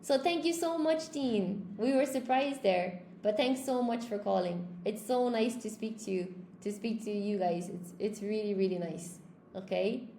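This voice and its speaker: Woman English teacher, live stream host, gravelly voice, echoey room with faint background noise. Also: mid-range voice, normal speed, mellow. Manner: upbeat, encouraging, reads out comments. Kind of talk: live stream chat with viewers.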